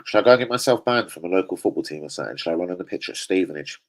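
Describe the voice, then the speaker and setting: A man hosting a casual live stream, sweary and rambling as he shouts out his viewers. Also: low voice, lively intonation, very fast, poor audio. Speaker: live-stream host and football fan. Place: home room with a laptop. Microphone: laptop setup.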